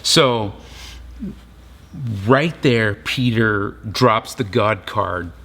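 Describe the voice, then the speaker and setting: A man's voice: fairly low pitch, drawn-out words, bright, forceful tone. A middle-aged man preaching a sermon in a conversational storytelling way, acting out the voices of the people in his story. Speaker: pastor.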